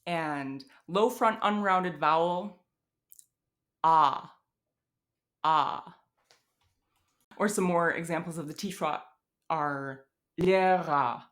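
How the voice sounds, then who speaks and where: Slow-spoken Midwestern woman teaching pronunciation. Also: deep voice. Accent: American Midwest. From Wisconsin, USA. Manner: thinks aloud with fillers, demonstrates sounds, laughs lightly. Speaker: language teacher. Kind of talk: casual explanatory lesson.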